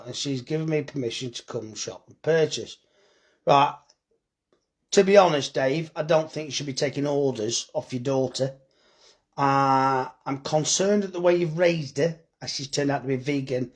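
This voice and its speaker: On a live phone stream about his butcher's shop, a weary-sounding man goes through viewer comments. His talk is blunt and jokey, laced with swearing, and his voice sits in the mid range.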